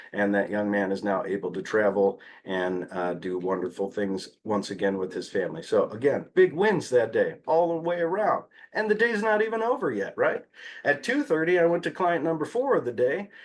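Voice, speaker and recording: A man giving a conference talk as a behavior analyst, telling fieldwork stories in an animated way with frequent "uh" fillers. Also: fairly low pitch, normal speed.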